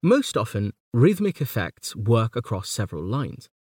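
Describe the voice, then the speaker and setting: Measured man reading a lecture on verse. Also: mid-range voice, very animated, darkish tone, slightly rough, no room sound, studio quality. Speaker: lecturer on poetry. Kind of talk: scripted educational narration.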